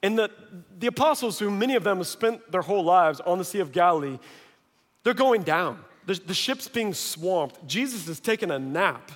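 A man with a fairly high voice delivers a storytelling sermon. He acts out the voices in the story and swings from hushed lines to shouting. The sound carries a long hall reverb. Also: lively intonation, moderate pace. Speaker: preacher.

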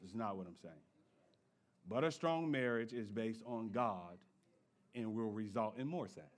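A man's voice: fairly low pitch, expressive, unhurried. A male pastor preaching a sermon in a playful call-and-response style, with slang asides to the congregation.

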